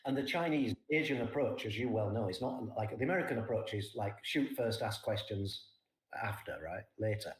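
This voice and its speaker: An older man giving plain, casual market talk as a trading guest, often ending his points with a quick "right?". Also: on the low side, animated. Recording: echoey room.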